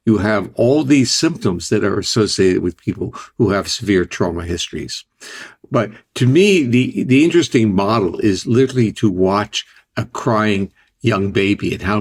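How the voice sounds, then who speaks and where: An older man, a scientist guest, explaining ideas in a deliberate, conversational way. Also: fairly low pitch. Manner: deliberate, explanatory, restarts phrases.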